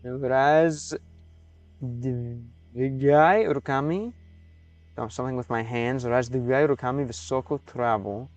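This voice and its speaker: American male streamer, mid-pitched, casual and halting, sounds out tricky words slowly over faint background music. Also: a little mellow, highs cut off. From United States. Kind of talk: casual live-stream commentary.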